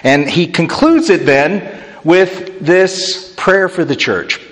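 A man's voice: fairly high pitch, takes it slowly. Man preaching a sermon in an echoey hall. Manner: animated, joking asides to the congregation. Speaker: pastor.

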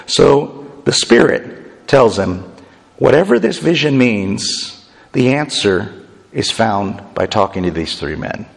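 Gravelly man preaching in a reverberant hall. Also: mid-range voice, takes it slowly. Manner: animated, jokey, acts out quoted lines. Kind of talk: sermon.

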